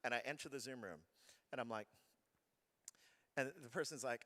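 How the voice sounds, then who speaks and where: A man in his thirties preaching a sermon, telling a personal story with animated energy and acting out his own shouting. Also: medium pitch, brisk, pauses often. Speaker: pastor. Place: church hall. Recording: long hall reverb.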